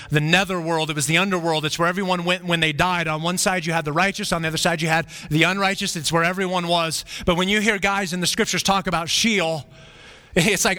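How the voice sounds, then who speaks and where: A bright, ringing male voice pitched well above the usual, preaching with earnest repetition. His sermon carries the long reverb of a church hall. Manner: earnest preaching with repeated phrases. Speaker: pastor.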